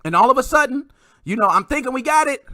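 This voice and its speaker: An excitable man hosting a casual podcast, with a high, bright voice that swings up and down a lot. He tells his story with animated energy and a bit of mild swearing, close and dry on the mic. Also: fast, no room sound. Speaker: podcast host.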